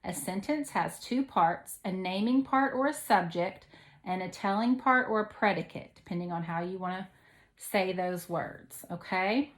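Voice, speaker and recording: A patient woman teacher walks young children through a grammar lesson, one step at a time. She reads each example sentence slowly, then breaks it down, checking in with a frequent "okay?" Her pitch sits in an ordinary middle range. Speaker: second grade teacher.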